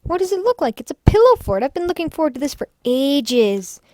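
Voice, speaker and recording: A woman reading a visual novel aloud, voicing a bubbly, bossy teenage schoolgirl with a pushy, excited delivery. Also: high voice, fairly quick, dry recording, pitched above the performer's own voice.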